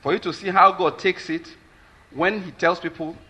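A man's voice: high-pitched, fairly even intonation, normal speed, pushed and bright, slightly rough. A man with a Nigerian accent preaching a sermon as a pastor, emphatic and repeatedly checking that listeners follow his point, with Pidgin asides.

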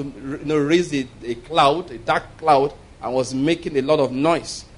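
A man delivers a sermon with an emphatic storytelling manner. His voice sits a little higher than most men's, and he often breaks into chuckles as he drives his points home. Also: low-quality recording. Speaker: preacher.

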